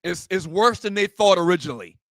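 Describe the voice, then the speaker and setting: A man's voice: high-pitched, animated, fairly quick, a bit bright, dry recording. A man co-hosting a sports talk show, laying out a story and breaking into incredulous outbursts.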